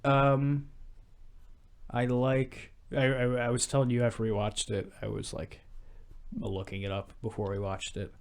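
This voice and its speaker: A man's voice: medium pitch, level tone, a little slow, vocal fry. A man co-hosting a podcast, chatting casually about films and retelling scenes with quoted lines. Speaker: podcast co-host. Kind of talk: casual movie chat.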